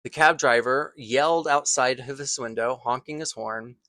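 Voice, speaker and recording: Earnest man with a bright, forceful voice. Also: medium pitch, no echo. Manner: earnest and thoughtful, pauses and restarts phrases. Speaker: acting teacher. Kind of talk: reflective personal storytelling.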